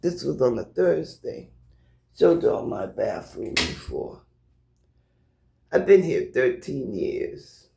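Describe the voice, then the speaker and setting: Husky middle-aged woman on her phone at home, fighting back tears, preaching hard at her viewers. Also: very deep voice, big pitch swings, slow pace, pauses often, darkish tone. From United States. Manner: impassioned, repetitive, addresses viewers directly. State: holding back tears, stuttering. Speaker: vlogger. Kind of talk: emotional personal video. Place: her apartment, indoors.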